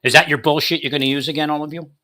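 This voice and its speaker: Bright-voiced man ranting angrily. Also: a little high, fairly even intonation, racing, dry recording, studio quality. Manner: angry ranting, addressing unseen opponents. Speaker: vlogger. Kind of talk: confrontational monologue.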